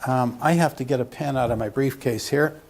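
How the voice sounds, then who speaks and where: A man with a medium-pitched voice talks fairly quickly, lecturing live to lawyers at a legal education seminar. Along the way he rambles through a joke and poses questions to his listeners.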